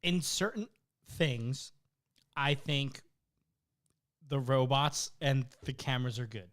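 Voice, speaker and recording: A man's voice: medium pitch, takes it slowly, fairly bright tone. A young man in casual podcast chat, ranting emphatically and swearing freely. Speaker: podcast co-host.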